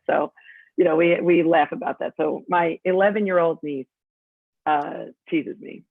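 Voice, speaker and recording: A woman's voice: deep voice, steady tone, unhurried, vocal fry, no room sound. A woman from New York with a New York accent, a guest talking in a chatty, straightforward way in a casual interview. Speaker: podcast guest. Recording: tinny phone-like line.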